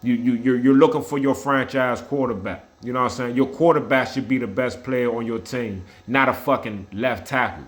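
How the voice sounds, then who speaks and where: Blunt, swearing football fan ranting. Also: male voice, medium pitch, moderate pace, hardly any pauses. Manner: blunt, repetitive, trash-talking, swears often. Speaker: sports vlogger. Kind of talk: casual opinionated rant.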